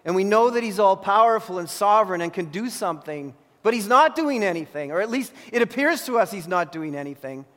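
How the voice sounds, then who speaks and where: A man with a high voice delivers an impassioned sermon, his words carrying a long reverb through the church sanctuary. He swings between pleading prayer and steady teaching as a pastor. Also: brisk, hardly any pauses. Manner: impassioned, voicing anguished prayer then calm teaching.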